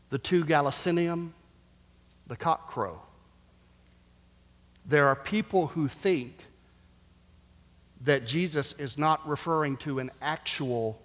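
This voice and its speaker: A man preaching a sermon as pastor, shifting from hushed, slow passages to loud, emphatic ones. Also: fairly high pitch, in a large hall.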